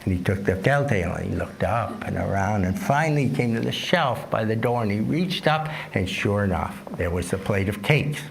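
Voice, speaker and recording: A man telling a folk tale at an unhurried pace during a dharma talk at a retreat center. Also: fairly low pitch, expressive, gravelly, a little hiss or hum. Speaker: yoga and dharma teacher.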